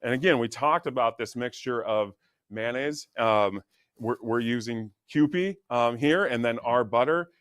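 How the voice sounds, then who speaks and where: A man appearing as a guest chef on a morning TV cooking segment, easygoing and filling pauses with um. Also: medium pitch, a bit bright, clear, resonant tone, dry recording, clean studio sound. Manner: easygoing, hesitant with fillers.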